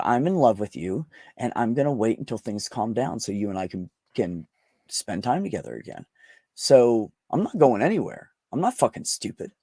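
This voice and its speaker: Man, candid storytelling, swears a lot, very expressive pitch, dry close sound. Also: breathy edge, dry recording. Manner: blunt, profane, emotional. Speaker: podcast host.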